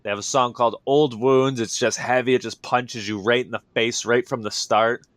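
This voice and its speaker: A man with a smooth, clear voice tells stories from his career in a casual interview. He is keen and animated, full of fillers and asides. The sound is close and dry. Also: mid-range voice, moderate pace, dry recording. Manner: energetic, enthusiastic storytelling with many fillers. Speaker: wrestler, interview guest.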